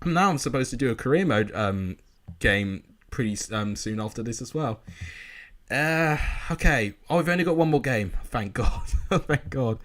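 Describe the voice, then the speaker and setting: A young man commentating football games live for viewers, excitable and out of breath. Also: medium pitch, moderate pace. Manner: shouts and laughs at goals, chats with viewers.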